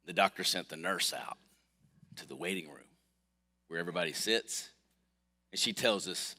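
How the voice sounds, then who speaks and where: A man preaching a sermon as pastor, telling a personal story with his voice swinging from soft to loud. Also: sits low, normal speed, pauses often. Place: church sanctuary. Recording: long hall reverb.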